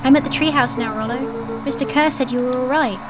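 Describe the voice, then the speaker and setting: An earnest, kind young boy from a story game calls out with worry in a high voice, as a woman reads his lines. Loud game music runs under everything. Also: brisk, lightly acted. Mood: worried. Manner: earnest, worried.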